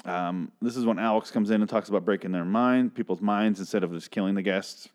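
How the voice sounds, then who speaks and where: A man's voice: fairly low pitch, brisk, a little mellow. A man casually ranting through a TV episode recap, sarcastic and swearing often, drifting into tangents.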